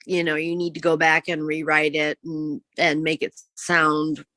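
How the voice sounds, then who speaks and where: A woman's voice: sits low, flat delivery, a little slow, bright, forceful tone, no echo. A woman from Minnesota, a guest author, chatting in a friendly, plain-spoken way over a phone video call. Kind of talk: casual interview chat.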